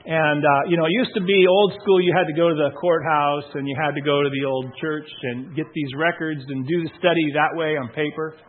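A man preaching a sermon in a conversational, storytelling way, full of restarts, then reading scripture slowly and deliberately. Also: fairly high pitch, fairly even intonation. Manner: conversational storytelling with many restarts and acted quotes. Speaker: pastor. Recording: tinny phone-like sound.

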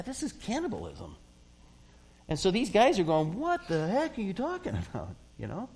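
Lively, conversational male pastor preaching. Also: a little high. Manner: conversational, acts out quoted voices, laughs often. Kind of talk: sermon.

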